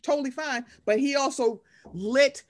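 A woman's voice: sits high, moderate pace. A woman chatting casually and emphatically, acting out quotes with slang. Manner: emphatic, animated, acts out quotes, Southern US slang. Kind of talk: casual chat about reality TV.

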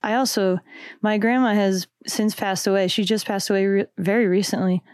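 A young adult woman and musician guest, talking reflectively in a casual interview, with many "like"s and soft laughs. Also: mid-range voice, steady tone, moderate pace, clear, resonant tone, dry recording, clean studio sound.

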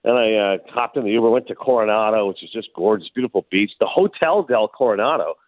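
A man co-hosting a casual radio chat, telling stories in a lively way, calling in from away. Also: on the low side, fast talker, no room sound. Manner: animated storyteller. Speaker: co-host. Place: remote, away from studio. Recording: tinny phone line, dry.

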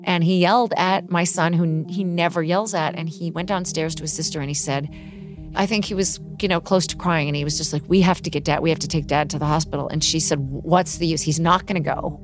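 A middle-aged woman giving an interview, retelling a painful personal story in a halting, emotional way with many restarts. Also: deep voice, steady tone, over music. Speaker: interview guest.

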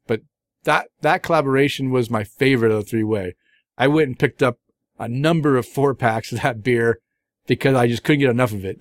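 A man's voice: medium pitch, no room sound, studio quality. Enthusiastic rambling middle-aged man. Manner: rambling, enthusiastic, many fillers and restarts. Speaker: beer podcast host. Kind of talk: casual beer review chat.

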